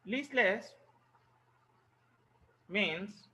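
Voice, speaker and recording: Teacher guy, high bright voice, goes slow and repeats words, bit of room hum. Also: expressive, poor audio. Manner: reads a phrase, then explains words with Hindi glosses; repeats phrases slowly, stressing key words. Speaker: English teacher. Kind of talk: explaining a story line by line.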